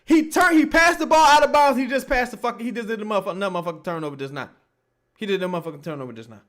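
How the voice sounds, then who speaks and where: A man reacting live to a basketball game and reading chat, with loud, profane, exasperated outbursts. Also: high-pitched, very fast. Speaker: sports streamer reacting live.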